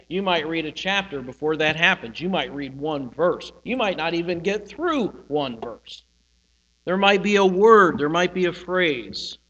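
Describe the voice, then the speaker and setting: A male pastor giving a sermon, teaching in a slow, reflective way and pausing on single words. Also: a little high, bright, forceful tone, lo-fi sound. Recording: hall reverb with mains hum.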